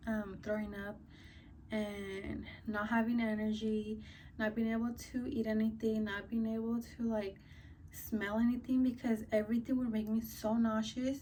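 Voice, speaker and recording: A woman's voice: on the high side, level tone, normal speed, mellow, a little hiss or hum. Chatty young woman with a slightly distant mic. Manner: chatty, many fillers like "like" and "um". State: a little out of breath. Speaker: vlogger. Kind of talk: casual storytime chat.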